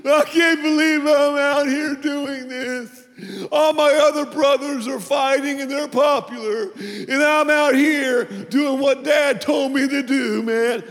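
A man's voice: very high-pitched, steady tone, slow pace, fairly bright tone, pitched above the performer's own voice, heavily acted. A man voicing a whiny young shepherd boy who complains about his chores. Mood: whining. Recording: long reverb of a large hall.

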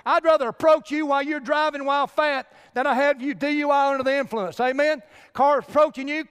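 A man's voice: very high-pitched, fairly quick, fairly bright tone, long reverb tail. A male pastor preaching a sermon with emphatic direct appeals to his congregation.

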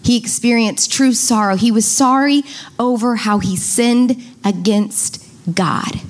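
A woman's voice: fairly high pitch, takes it slowly. A woman pastor preaching a sermon to a congregation, stretching key words for emphasis and speaking directly to her listeners. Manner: addresses congregation directly, asks them to repeat. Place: church before a congregation.

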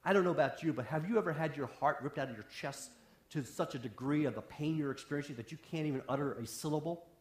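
A man preaching a sermon as a pastor, impassioned, swinging from raised intensity down to a near hush. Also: on the high side. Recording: roomy echo.

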